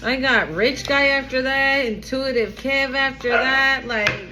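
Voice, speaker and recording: A woman's voice: high-pitched, a little slow, over music, rough recording. A woman giving a casual, emphatic tarot reading, chatting freely and swearing as she passes on messages. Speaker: tarot reader.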